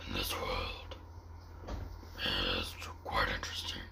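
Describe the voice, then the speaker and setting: A man voicing a gravelly whispering male survivor in a deep raspy Venom-like whisper, as whispered role-play for a drawing video. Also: steady tone, slow pace, bright, forceful tone, heavily acted. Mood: brooding. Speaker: narrator character.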